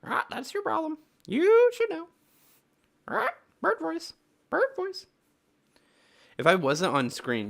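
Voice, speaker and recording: A shrill squawking parrot. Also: male voice, creaky, fairly bright tone, full character voice. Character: squawking pet parrot, cheeky, caged. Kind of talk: live-stream banter.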